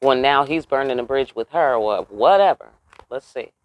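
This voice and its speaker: A woman's voice: animated, moderate pace, no room sound, highs cut off. A woman giving a casual tarot reading, cursing freely, throwing in slang and often asking the listener if they get what she means. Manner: profane, slangy, keeps checking in with the listener; swoops high and loud for emphasis. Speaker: tarot reader.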